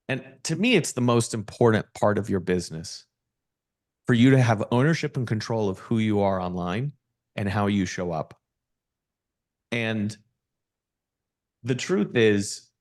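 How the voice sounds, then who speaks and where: A middle-aged man giving an emphatic, energetic motivational talk as a guest speaker and pitching his branding agency.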